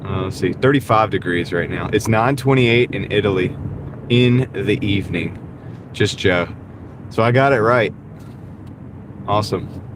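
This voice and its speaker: A man's voice: fairly low pitch, a little slow, long pauses. A man hosting a casual live stream while driving, upbeat and thanking viewers by name, his voice tired and wearing out. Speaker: livestream host. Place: in a moving car. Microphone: wireless mini clip-on mic. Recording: car ride with clear road noise. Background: road and car noise.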